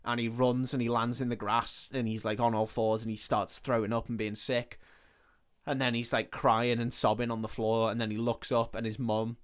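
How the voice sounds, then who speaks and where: A man co-hosting a podcast, casually retelling a film plot in an animated way and quoting the characters as he goes. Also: medium pitch, normal speed, smooth. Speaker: podcast co-host. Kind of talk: casual film recap chat.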